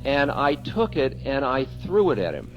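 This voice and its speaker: A man's voice: mid-range voice, wildly swooping pitch, normal speed. A man gives a spiritual talk, telling a candid story at his own expense and breaking into chuckles. His voice sits in a middle range for a man. The recording is dull and lo-fi, with faint music underneath. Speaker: spiritual teacher.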